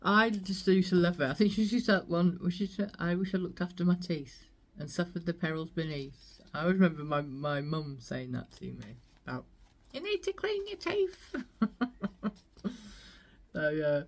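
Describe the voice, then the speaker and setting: A woman's voice: low voice, steady tone, fairly quick, hardly any pauses. A woman vlogging her thrift finds in a chatty, rambling way, laughing often. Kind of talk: casual chat.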